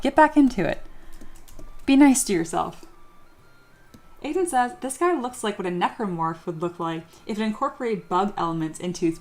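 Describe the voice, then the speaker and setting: Chatty woman streamer over soft music. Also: fairly high pitch. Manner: chatty, self-deprecating, reads chat aloud. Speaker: livestream host sculpting 3D models. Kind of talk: casual livestream chat while working. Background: soft background music.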